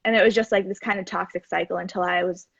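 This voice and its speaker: A young woman in her twenties talks earnestly and at length as a guest. Her voice is husky with a gravelly fry. The sound is dull and dry, like call audio. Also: on the low side, steady tone, quick pace, no room sound. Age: 20s. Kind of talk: casual chat.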